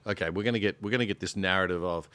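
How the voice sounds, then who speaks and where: A man with a somewhat low voice speaks earnestly as a panel guest, and his conviction turns indignant. The sound is dry and close, with no room around it. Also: racing, fairly bright tone, no room sound. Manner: passionate, earnest, builds to indignation. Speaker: guest panelist, show host. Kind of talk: panel discussion.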